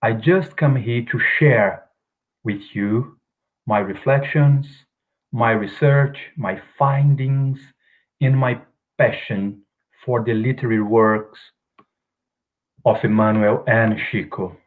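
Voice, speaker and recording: Man speaking over a tinny call line. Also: mid-range voice. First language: Portuguese. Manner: hesitant, many ums, non-native grammar. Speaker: guest speaker. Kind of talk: spiritual talk on video call. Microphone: video call. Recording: tinny phone-like call audio.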